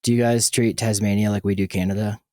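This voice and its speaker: A man's voice: on the low side, flat delivery, fast, warm tone, dry recording. Guy hosting a podcast, rambly and chatty, lots of um and like, dry close sound. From United States. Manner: chatty, rambling with many fillers and restarts. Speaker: podcast host. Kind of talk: casual chat.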